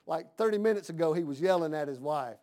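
A man's voice: fairly high pitch, lively intonation, fast, dark tone. A man preaching a sermon in a folksy, conversational way, asking his congregation questions.

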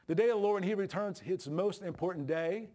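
A middle-aged preacher, his voice pitched a bit higher than most men's, delivers a sermon in a folksy, emphatic manner at a quick pace. His tone is warm, and his pitch jumps up when he gets fired up.

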